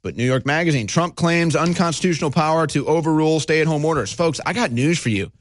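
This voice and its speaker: A man hosting a heated ranting monologue, talking fast and animated, sighing and mocking others in put-on voices. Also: fairly high pitch. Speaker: host.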